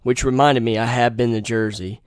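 A man's voice: medium pitch, steady tone, moderate pace, smooth, no room sound, clean studio sound. A young man hosting a podcast, telling rambling, profane stories and giving blunt opinions in a casual monologue. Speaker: podcast host.

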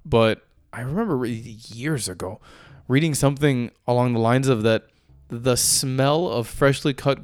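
A man co-hosting a podcast in casual chat, an animated storyteller who swears casually. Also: medium pitch, smooth, no room sound, studio quality. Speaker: podcast co-host.

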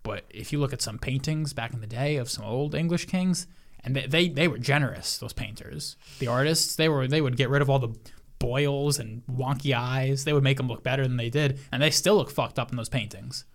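Very deep-voiced woman, dry and teasing. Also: fairly quick. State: slightly tipsy. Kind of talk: casual chat.

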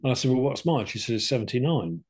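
Very animated and talking fast, an older man recounts his cancer story as a podcast co-host, his medium-pitched voice darkish with a breathy edge. His manner is casual, chatty and plain-spoken, and he plays out both sides of the conversations.

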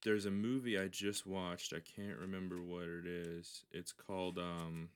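A man's voice: low-pitched, flat delivery, measured pace, smooth. A man hosting a podcast, telling a long story in casual chat, rambling and swearing, with frequent restarts. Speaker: podcast host.

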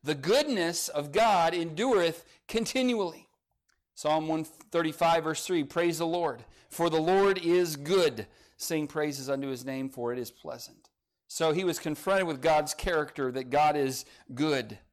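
A man delivers a sermon in a voice sitting a little above the usual male range. He swings from emphatic, raised lines down to hushed, low asides. He reads scripture in old-style phrasing. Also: a little slow. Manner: preaching with rising emphasis and quiet drops. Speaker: pastor.

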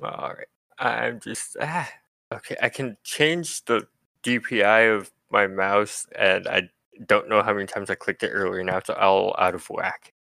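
Slow, gravelly game master man. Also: lowish voice, pushed and bright, no echo. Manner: laid-back, laughing asides. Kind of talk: running a tabletop game. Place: online voice call.

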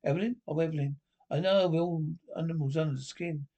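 A coy, fussy old-school professor. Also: male voice, a little high, fast talker, dark tone, dull audio. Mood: coy, wheedling. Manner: coy, flustered and fussily polite. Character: fussy, prim middle-aged male bird professor. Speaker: ornithologist on an expedition. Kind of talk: 1970s film comedy acting.

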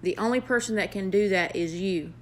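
A woman's voice: medium pitch, a little hiss or hum. A young woman with a Southern US accent, an earnest nurse speaking to her viewers in a motivational vlog. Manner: earnest, heartfelt, with pauses and fillers. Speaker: nurse vlogger.

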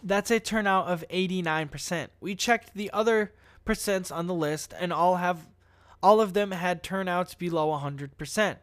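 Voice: mid-range voice, moderate pace, no room sound. Brief: online commentator, casual, profane, mid-range voice, reads news and riffs on it. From United States. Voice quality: swearing, laughs at own jokes, easily loses composure.

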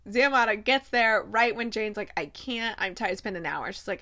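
A young woman casually recapping a TV season, retelling scenes with animated asides and quoting characters in a softer voice. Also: on the high side, moderate pace, hardly any pauses. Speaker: podcast host recapping a TV show. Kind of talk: casual chat.

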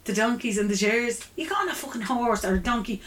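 A woman with an Irish accent, talking in a bright, lively voice that sits a little high. She chats casually on a podcast and teases her brother with quick, cheeky banter. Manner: teasing, quick-witted banter with frequent laughs. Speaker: podcast co-host. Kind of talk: casual chat.

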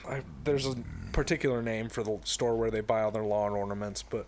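A man's voice: on the low side, steady tone, a little fast, a little mellow, a little hiss or hum. A man casually retelling a story in a podcast chat, rambling, with lots of fillers and restarts.

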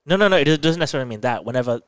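A man co-hosting a podcast, talking through a story in casual chat and breaking into laughs often. His voice sits in a middle pitch. It is recorded dry, with no room sound. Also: animated, very fast, dry recording. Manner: explains plot eagerly, laughs often. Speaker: podcast co-host.

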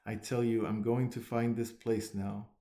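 A man reading aloud as a kind, loyal male water rat who speaks gently and heartily. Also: fairly low pitch, flat delivery, unhurried, echoey room, close to an everyday voice. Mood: hearty. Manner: gentle, then hearty and encouraging.

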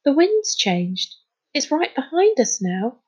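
A man's voice: extremely high pitch, wildly swooping pitch, slow pace, a little mellow, pitched above the performer's own voice, heavily acted, poor audio. A woman voicing a bossy, skeptical boy who snaps out curt orders on a sailing boat, in a storybook reading. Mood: gruff.

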